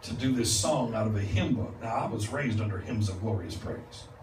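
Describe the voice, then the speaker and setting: A man preaching a revival sermon as a guest speaker, moving from calm teaching to loud, laughing exclamations. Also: fairly low pitch, moderate pace. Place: church sanctuary. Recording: echoey church, distant mic, noisy. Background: congregation responding.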